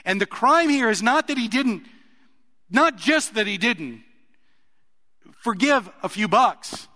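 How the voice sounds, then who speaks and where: A man's voice: high voice, animated, slow pace, pushed and bright. A man preaching a sermon in a conversational way, putting questions to his listeners. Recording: long reverb of a large hall.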